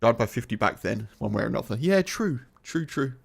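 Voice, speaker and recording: Gravelly, lively man in his forties. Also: medium pitch, brisk. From England. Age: 40s. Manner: musing, chatty, with hesitant restarts. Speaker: gaming YouTuber. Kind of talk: game playthrough commentary.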